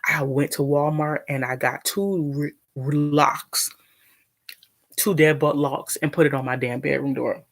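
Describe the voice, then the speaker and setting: Eating as she speaks, this woman rambles through a long, indignant story for her live-stream audience at home, restarting many times in casual storytelling. Her voice sits low, her tone is steady, and she goes a little slow.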